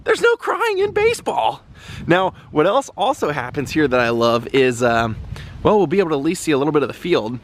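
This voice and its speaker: A man's voice: medium pitch, lively intonation, fast talker, slight background noise. A man chatting casually as a vlog host, rambling with frequent ums while walking outdoors around a baseball stadium. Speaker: travel vlogger visiting film locations.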